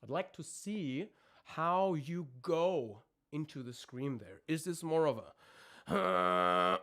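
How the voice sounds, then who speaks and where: A man coaching singers on a live stream. He talks haltingly, searches for words, and breaks off to demonstrate screams and vocal sounds. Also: fairly high pitch, animated, vocal fry, fairly bright tone.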